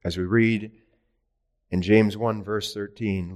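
A man preaching a catechism sermon with earnest, emphatic delivery, raising his voice for rhetorical questions and slowing down on key phrases. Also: steady tone, darkish tone. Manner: earnest preaching, rising in pitch and volume for emphasis. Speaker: pastor.

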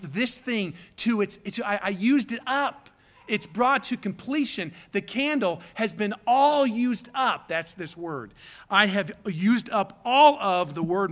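Preacher, middle-aged man, high-pitched and unhurried, animated pulpit delivery. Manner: animated preaching, explains Hebrew words. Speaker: pastor. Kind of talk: sermon.

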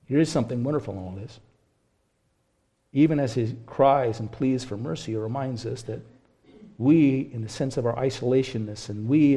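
A man preaching a sermon, rising to loud impassioned stretches and then dropping to a hushed, prayerful voice. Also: mid-range voice.

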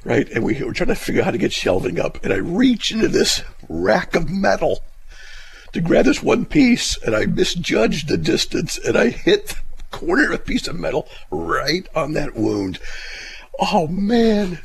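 A man's voice: a little high, huge pitch swings, moderate pace, vocal fry, husky. A middle-aged man hosting a radio show, telling rambling stories and laughing often. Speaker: radio host. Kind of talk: casual radio talk.

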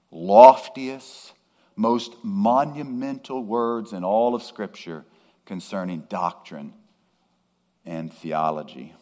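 A male pastor delivers an expository sermon in a lower-pitched voice. He takes his time with each phrase and pushes up hard on the words he wants to stress. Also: a little mellow. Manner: measured preaching with emphatic rises on key words.

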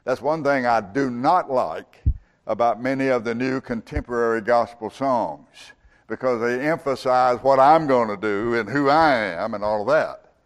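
A man preaching a sermon, slow and emphatic, his voice rising and swelling on key words. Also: mid-range voice. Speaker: pastor.

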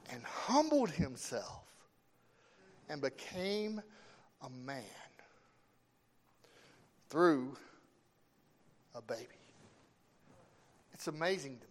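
A man preaching a sermon, slow and emphatic, with dramatic pauses between phrases. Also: fairly high pitch, very animated.

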